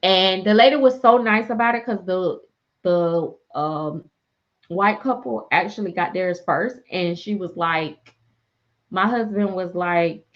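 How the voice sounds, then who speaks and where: Chatty lo-fi woman storyteller, low-voiced. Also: unhurried. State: sleepy. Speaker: reborn doll artist and live streamer. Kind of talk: casual live-stream chat. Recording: dull lo-fi live-stream audio.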